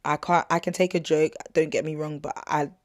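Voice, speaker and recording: Low-pitched, flat and brisk, a young woman's voice comes through clean, echo-free studio audio as she hosts her podcast. She's indignantly retelling an argument in a chatty, slangy personal story with lots of asides and "not gonna lie" fillers.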